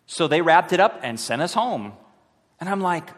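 A man, a high school pastor, preaching a sermon as an animated story, acting out the voices of the people he quotes. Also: normal speed. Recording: long hall reverb.

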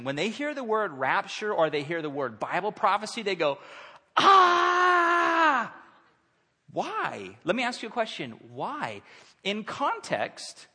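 Animated male pastor in echoing church. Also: high voice, husky. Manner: animated, conversational preaching with acted-out quotes. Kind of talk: sermon. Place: church sanctuary. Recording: long hall reverb.

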